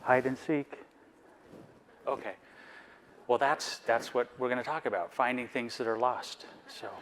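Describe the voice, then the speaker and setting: A man's voice: medium pitch, fairly even intonation, unhurried, fairly bright tone, a little hiss or hum. A man speaking at a conference in a mid-range voice, earnest and personal. He talks reflectively and poses rhetorical questions to the audience. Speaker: board member giving a conference talk.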